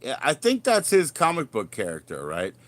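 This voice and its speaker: A man's voice: mid-range voice, huge pitch swings, normal speed, fairly bright tone. A man hosting a livestream, chatting casually in a rambling, jokey and crude way. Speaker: livestream host.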